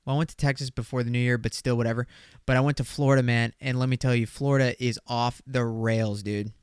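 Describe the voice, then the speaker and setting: A man's voice: medium pitch, steady tone, fast, smooth, no room sound, clean studio sound. A young man hosting a casual solo podcast, talking in a loose, slangy way and swearing as he jokes. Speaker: podcast host.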